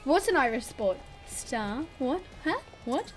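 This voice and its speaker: A woman's voice: high voice, big pitch swings, slow, soft background music. A young woman hosting a casual livestream, rambling chattily, reading out chat messages and laughing often. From born abroad on a military base, British. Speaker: livestream host.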